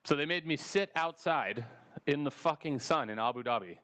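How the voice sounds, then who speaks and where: A man's voice: on the high side, normal speed. A man with an American accent telling a travel story in casual, profane podcast chat and acting out the dialogue. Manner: animated, swearing, acts out dialogue.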